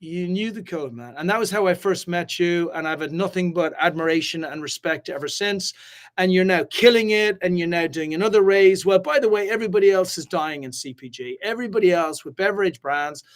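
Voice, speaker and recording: A man hosting a live business talk, hyped and fast-flowing, swearing casually and swinging between loud and quiet. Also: high voice. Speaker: host. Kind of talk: energetic live-stream chat.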